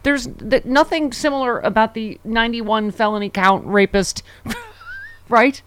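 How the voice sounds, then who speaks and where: A woman's voice: fairly high pitch, huge pitch swings, a little slow, a bit bright, slight background noise. A woman hosting a political talk show, bantering casually and joking, often with a laugh. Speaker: radio talk show host.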